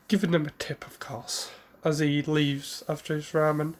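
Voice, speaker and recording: A man's voice: on the high side, little pitch movement, moderate pace. Man rambling through a fan story. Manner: rambling, with restarts and asides. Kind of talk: casual fan story retelling.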